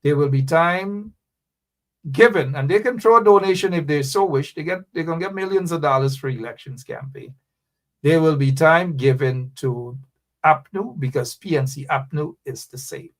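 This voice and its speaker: A man's voice: on the high side, moderate pace. A man hosting live political talk radio, reading out viewer comments and urging listeners with repeated phrases. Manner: animated, preachy, calls out names, repeats phrases for emphasis. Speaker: radio show host.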